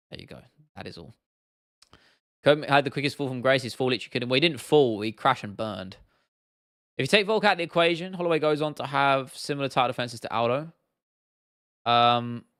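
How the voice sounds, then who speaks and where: A young UK man hosts a casual livestream Q&A, talking bluntly with slang, free swearing and stumbling restarts. His mid-range voice is smooth, resonant and a bit bright, recorded close and dry with no room sound.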